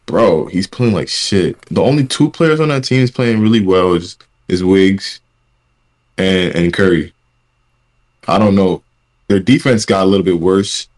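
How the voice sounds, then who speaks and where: A man's voice: low voice, a little slow, darkish tone. A young man co-hosting a casual podcast chat, blunt and swearing freely. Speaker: podcast co-host.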